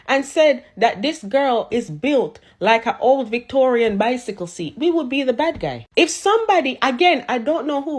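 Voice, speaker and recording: Fairly high-voiced woman, sassy, mocking roast rant. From Jamaica. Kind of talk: social media rant.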